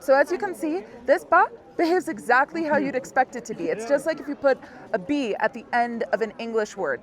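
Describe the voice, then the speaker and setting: A woman teaching a language lesson out of doors, explaining step by step in a friendly way and laughing often. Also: on the high side. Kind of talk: casual outdoor lesson. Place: outdoors in a busy public place. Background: onlookers in the street.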